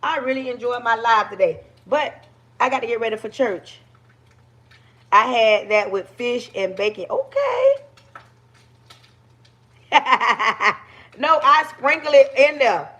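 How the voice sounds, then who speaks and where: A woman's voice: on the high side, measured pace, bright, forceful tone. A woman with a Southern US accent chatting casually with her viewers on a livestream while she cooks. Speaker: livestream host.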